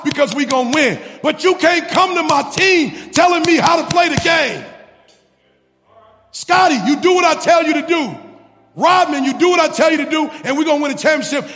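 A high, gravelly male preacher works through a sermon, veering between full-throated shouts and low, hushed intensity. His voice rings out in a church hall with a long echo and soft music underneath. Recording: long reverb, music behind. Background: faint music.

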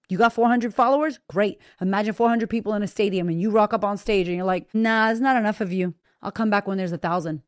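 A woman hosting a podcast in a casual motivational monologue, blunt and profane, talking straight to her listeners with energetic emphasis. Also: on the high side, no echo, clean studio sound. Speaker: podcast host and business coach.

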